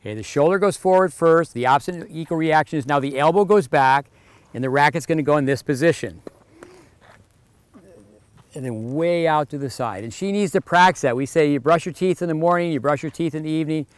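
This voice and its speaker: A man's voice: on the high side, a little fast, clean tone, no room sound. Man coaching a tennis serve on court. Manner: instructive, giving short commands and counting rhythms.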